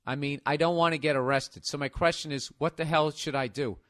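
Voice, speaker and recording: A man with a Boston accent, a podcast host ranting in comedic, profane bursts, now and then laughing loudly. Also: a little high, steady tone, a little fast, no echo, studio quality.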